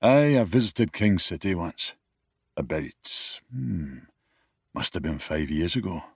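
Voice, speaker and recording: Callum, a husky wolf king. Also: low-pitched, big pitch swings, slow pace, no room sound, clean studio sound, exaggerated voice. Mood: teasing. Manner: easygoing, teasing, turns quiet and wistful. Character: charming brooding young male wolf-shifter king. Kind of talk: dual-narration audiobook acting. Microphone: close studio mic, dry.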